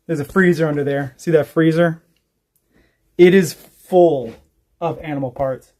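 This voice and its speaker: High-voiced man, rambling and profane. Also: unhurried, darkish tone. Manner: rambling, profane storytelling with laughs. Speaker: homestead vlogger. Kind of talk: casual livestream chat.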